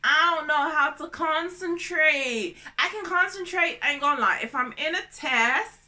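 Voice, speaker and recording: A woman in her thirties vlogging casually to camera, excitable and goofy, jumping between topics and laughing often. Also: sits high, normal speed, faint music behind. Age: 30s.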